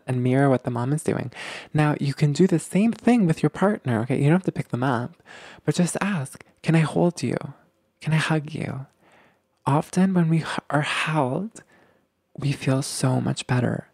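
Man, mid-pitched and gravelly, coaching couples gently, dry close sound; keeps checking in. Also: dry recording. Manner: gentle, explanatory, often checks in with "okay?". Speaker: relationship coach. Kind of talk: relationship advice talk.

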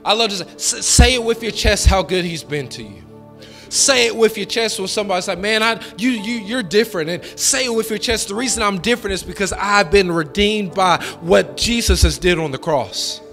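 A man preaches a sermon with a high, ringing voice. His delivery is folksy and colloquial, with call-and-response lines that swell into fervent shouting. Soft music plays beneath him in a hall with a long echo. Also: animated, brisk. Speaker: pastor. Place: church sanctuary.

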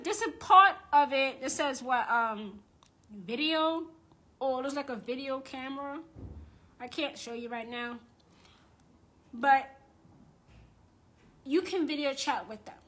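A woman who calls herself a high priestess, ranting angrily and bluntly on a live stream and often repeating herself. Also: unhurried, pauses often, bright, forceful tone. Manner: angry, blunt and repetitive, with cursing. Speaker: self-described high priestess and witch. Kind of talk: live-streamed rant to followers. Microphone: phone or camera on a live social stream.

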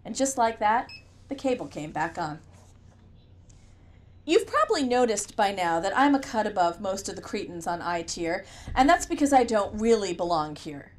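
This audiobook narrator reads a novel aloud in the first person, keeping a wry, chatty storytelling tone. Her medium-pitched delivery is sing-song, at a moderate pace.

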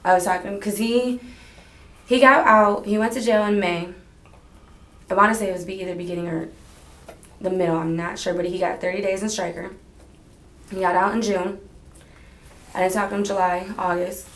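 A woman's voice: medium pitch, steady tone, moderate pace, long pauses. Rambling young woman in a roomy interview room. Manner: rambling, hesitant storytelling. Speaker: witness being questioned. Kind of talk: police interview. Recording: roomy archival interview recording.

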